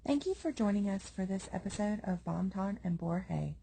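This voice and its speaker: A woman reading a scripted podcast outro in a steady, matter-of-fact way. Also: mid-range voice, normal speed, creaky, a little hiss or hum.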